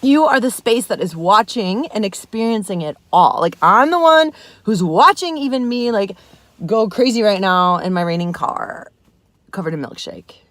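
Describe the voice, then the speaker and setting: A woman's voice: medium pitch, lively intonation, normal speed, fairly bright tone, no room sound. A woman in her thirties talking to camera from her car, rambling casually, laughing often and swearing freely. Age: 30s. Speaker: vlogger. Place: inside a parked car in the rain.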